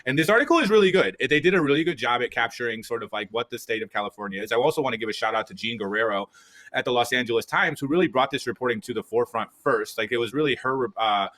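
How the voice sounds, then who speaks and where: A man from the US East Coast talks politics in quick bursts, his voice bright and forward. He is animated, slipping into other people's voices as he tells stories. He co-hosts with a casual, conversational flow. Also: medium pitch. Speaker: podcast co-host.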